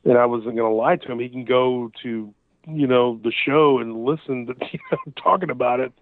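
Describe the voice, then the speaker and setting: A man's voice: medium pitch, normal speed, a little hiss or hum. A man guest telling encounter stories in casual, rambling speech full of restarts and fillers, heard through a phone call. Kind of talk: casual storytelling over the phone. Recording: tinny dry phone line.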